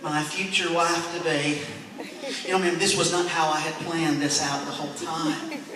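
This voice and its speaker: A middle-aged man performs comic stories for a church crowd, chuckling and saying sir and ma'am. His somewhat high voice is expressive and moderately paced, heard through a distant mic in an echoey hall.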